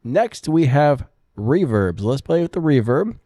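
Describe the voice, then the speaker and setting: A man giving a relaxed, chatty product review and demo into a studio broadcast microphone. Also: a little high, a little slow, no room sound.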